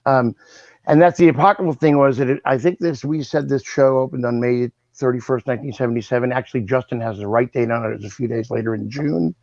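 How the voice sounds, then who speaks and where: A man in his sixties spins animated anecdotes as a guest, slipping into the voices of the people in his stories. His voice sounds close and dry, with no room around it. It comes through the muffled, lo-fi sound of a video call. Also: medium pitch, fast talker, vocal fry, dry recording. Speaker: guest, original cast member. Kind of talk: anecdotal storytelling.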